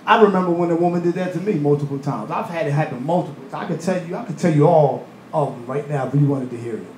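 A male pastor with a high, bright voice delivers an animated sermon. He slips into acted voices and laughing asides. The sound carries a roomy church echo with faint ambience behind it. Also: fast, slight background noise. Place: church hall.

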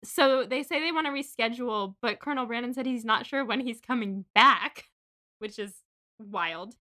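A young woman co-hosting a casual book podcast, chatty and animated as she recaps chapters and swears now and then. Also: a little high, normal speed. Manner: chatty, swears, acts out quotes. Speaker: podcast co-host. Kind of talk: casual book-club chat.

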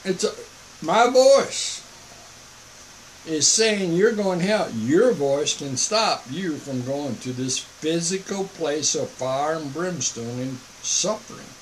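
An older man preaching informally to the camera, switching between mock calm and sarcastic emphasis. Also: a little high, slow, slight background noise, poor audio.

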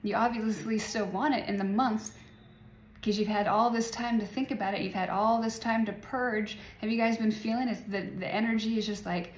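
A woman's voice: medium pitch, fairly even intonation, moderate pace, a little hiss or hum. A woman in her forties talking casually to her viewers about energy and healing, rambling and laughing often. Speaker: spiritual vlogger. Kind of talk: casual spiritual talk to viewers. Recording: echoey room, faint ambience.

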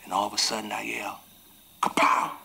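An actor playing a tender, remorseful runaway man on a raft, speaking in a rural Southern US dialect and telling his story slowly and from the heart, often sinking into hushed whispers. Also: low voice, creaky, breathy edge, exaggerated voice. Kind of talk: 1980s TV film drama acting.

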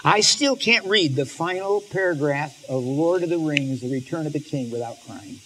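A man giving an animated, emotional lecture on stories, reading passages aloud and often restarting his sentences. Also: a little high, moderate pace, a little hiss or hum. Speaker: speaker on literature and faith.

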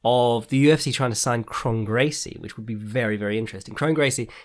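A medium-pitched man talks fast as host of a casual MMA commentary podcast. He rambles and swears, often laughing at his own asides.

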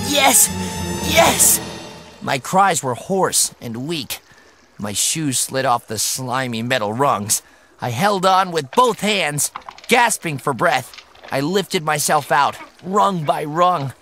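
A man's voice: on the high side, pushed and bright. A man narrating a children's horror audiobook in a dramatic, emphatic way. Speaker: audiobook reader. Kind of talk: scripted narration.

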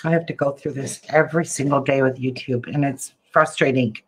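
A woman's voice: very deep voice, fairly even intonation, fairly quick, slightly rough. A woman crafting vlogger chatting casually to the camera as she works, often muttering to herself in exasperation.

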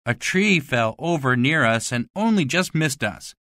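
A woman's voice: a bass voice, expressive, a little slow, a bit bright, dry recording, voice pushed down, full character voice. Tom, a bragging schoolboy voiced by a woman. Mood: boastful. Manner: swaggering, bragging. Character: boastful young schoolboy playing pirate. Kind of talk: storybook reading for learners.

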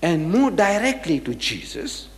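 A man's voice: sits high, very animated, unhurried, in a large hall. A man giving a live lecture to an audience. He speaks emphatically, throws rhetorical questions at the crowd, spells out words and chants phrases. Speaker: public lecturer.

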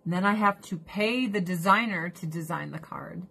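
A woman's voice: lowish voice, moderate pace, vocal fry, sharp tone, husky. A middle-aged woman streamer chatting casually with her viewers, blunt and profane, ranting with animation.

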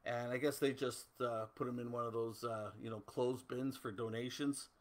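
A man's voice: medium pitch, steady tone, moderate pace. A middle-aged man from Canada hosting a casual livestream, chatting loosely and answering viewer comments. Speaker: host.

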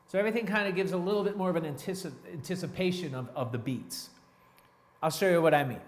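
A man teaching a drum lesson in a relaxed, step-by-step way, counting beats aloud between grooves. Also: a little high. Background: drum playing.

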